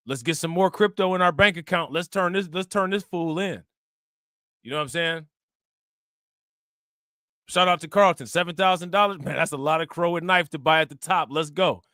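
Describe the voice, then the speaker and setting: A male host chatting through crime news in loose, slangy talk, laughing often and shouting out his viewers. His voice is sharp and bright. The sound is close and dry, with no room around it. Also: fairly high pitch, moderate pace, pauses often, no echo. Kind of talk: casual reaction commentary.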